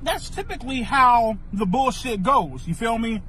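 A man's voice: extremely high pitch, animated, moderate pace, bright, forceful tone, a little hiss or hum. A man ranting to the camera in short clips, crude and brash, swearing constantly. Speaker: social media personality.

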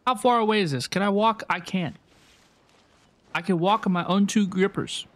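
Giving casual live commentary on a game, a young man with a high-pitched voice talks to his chat at normal speed. He's chatty and rambling, going over the same points repeatedly.

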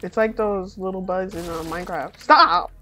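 A young woman giving live gameplay commentary, excitable, jumping between loud yelps and low mutters. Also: brisk, a little hiss or hum. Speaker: let's play gamer.

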